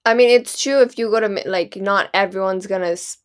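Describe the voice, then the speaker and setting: Young female podcast co-host with a smooth, clear voice, casual chat, lots of restarts and "like". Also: mid-range voice, brisk. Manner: heavy use of "like", restarts, thinking aloud.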